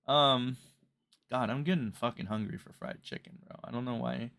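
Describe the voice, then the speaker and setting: A man's voice: medium pitch, normal speed, fairly bright tone. A man hosting a reaction commentary, ranting in a profane, mocking way. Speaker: commentary host.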